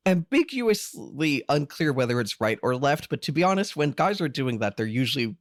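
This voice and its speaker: Animated, swearing podcast co-host. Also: medium pitch, normal speed, no room sound, clean studio sound. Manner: animated, swears a lot, laughs often. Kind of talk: casual chat.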